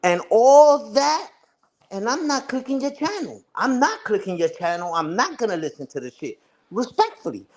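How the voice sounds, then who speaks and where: On a livestream, a man whose voice sits high rants in a very animated, brisk way. His casual tirade is taunting and repetitive, peppered with "respectfully" and "you heard."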